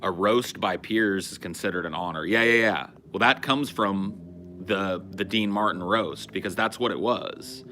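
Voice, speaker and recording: A man's voice: deep voice, moderate pace, pushed and bright, a little hiss or hum. A man in his forties from California, hosting a podcast and telling loose, profane stories. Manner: loose, profane storytelling with frequent restarts. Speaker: podcast host. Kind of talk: casual chat.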